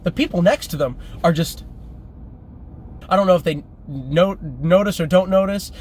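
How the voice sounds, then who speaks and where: A man's voice: sits high, moderate pace, a little mellow, slight background noise. A man telling a casual story-time anecdote in a chatty way, laughing as he goes. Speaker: vlogger.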